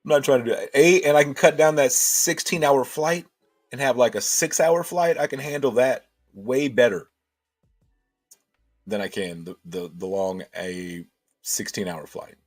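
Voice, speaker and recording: A man's voice: mid-range voice, a little slow. A man hosting a casual livestream, thinking aloud and answering chat with many restarts.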